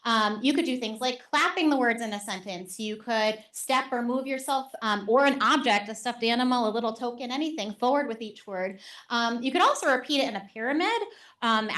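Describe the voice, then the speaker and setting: A woman teacher presents a live workshop to parents and educators, her voice sitting a little high. She talks in a lively, chatty way, often pausing on "um" as she explains. Her audience is in the room with her. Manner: animated and conversational, with frequent "um" fillers.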